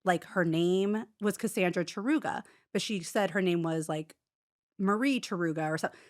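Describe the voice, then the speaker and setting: A woman telling her own story as an interview guest in casual, animated talk, peppered with "like" and quick restarts. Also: lowish voice. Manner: rapid, animated retelling full of "like" fillers and restarts.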